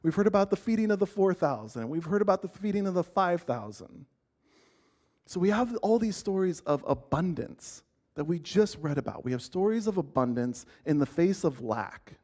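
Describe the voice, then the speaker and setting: A man's voice: high-pitched, lively intonation, moderate pace, a little mellow. A man teaching an informal church lesson in a casual, conversational way, often asking the group questions and restarting his sentences. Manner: frequent restarts and filler words.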